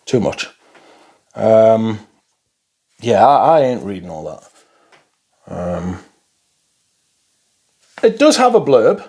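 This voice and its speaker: A man's voice: lowish voice, very animated, very slow, pauses often, dark tone, breathy edge. A man from Newcastle, rambling casually to camera as a fragrance reviewer, swearing freely and calling viewers his friends. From Newcastle, England.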